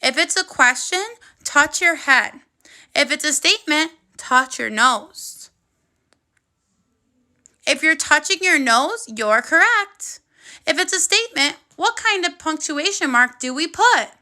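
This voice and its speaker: A woman teaching a first grade phonics lesson on video, speaking slowly and clearly with plenty of encouragement for young children. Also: sits high, animated, bright, forceful tone. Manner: slow, clear, encouraging classroom delivery.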